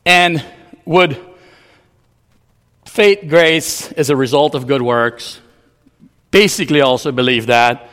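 A man's voice: fairly high pitch, slow, long pauses, a bit bright, long reverb tail. A man preaching a teaching sermon, explaining ideas in a loose way with frequent restarts.

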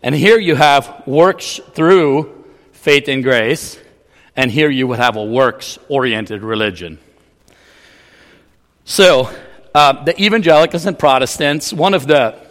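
A man's voice: medium pitch, fairly bright tone, in a large hall. A man preaching a teaching sermon, explaining ideas in a loose way with frequent restarts.

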